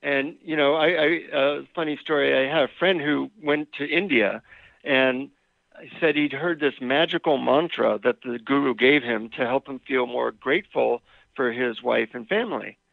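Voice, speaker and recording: A man, an author and marriage and family therapist, telling relaxed anecdotes as a guest in an interview. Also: mid-range voice, moderate pace, gravelly, no room sound. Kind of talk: interview with storytelling. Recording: tinny phone line.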